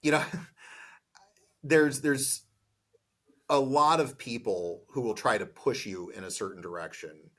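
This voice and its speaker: A man's voice: medium pitch, a little slow, pauses often, fairly bright tone. A man hosting an interview podcast, asking questions in an enthusiastic, affirming way. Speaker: podcast host.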